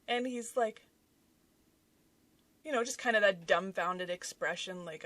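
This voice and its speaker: A woman in her thirties telling a story casually at her desk at home, animated and dramatic, with big swings in loudness. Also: medium pitch, moderate pace, no room sound, recorded from a distance. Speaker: author and YouTuber.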